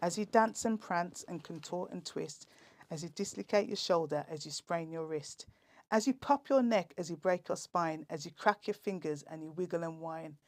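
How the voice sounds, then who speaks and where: A woman performing comic rhyming poems in a lively, theatrical way. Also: lowish voice, moderate pace, no echo. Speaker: comic poet guest.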